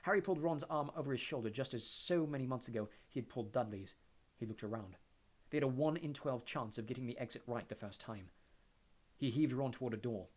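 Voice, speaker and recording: A man narrating an audiobook in a steady storytelling manner. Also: mid-range voice, brisk. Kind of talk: audiobook reading.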